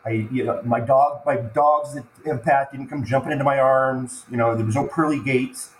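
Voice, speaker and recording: Man haltingly telling a near-death story. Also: mid-range voice, steady tone, a little hiss or hum. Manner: halting, repeats words and restarts when moved. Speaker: podcast guest. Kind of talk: emotional personal storytelling. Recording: echoey room with faint ambience.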